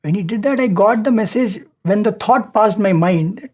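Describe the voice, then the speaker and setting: A man, speaking as a satsang speaker in an earnest, halting devotional storytelling style with frequent fillers. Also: high-pitched, darkish tone.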